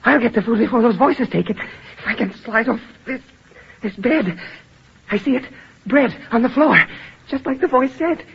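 A man's voice: very high-pitched, heavily acted. A starving, delirious young man. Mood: desperate. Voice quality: breathy. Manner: slow, pleading and faint. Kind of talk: 1940s radio acting. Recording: muffled old radio broadcast.

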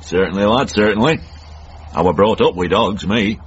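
An actor playing a cantankerous older northern man in a radio comedy drama, blunt and gruff with a Northern English accent. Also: on the low side, moderate pace, a little hiss or hum, natural voice. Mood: grumbling. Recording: dull old radio broadcast.

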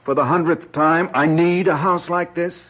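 A man's voice: on the high side, steady tone, normal speed, lightly acted. An actor playing an ambitious young lawyer and husband who speaks curtly and scolds his wife. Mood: irritable. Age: young adult. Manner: curt and irritable, scolding. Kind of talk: dramatic dialogue acting. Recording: muffled vintage recording with faint hiss.

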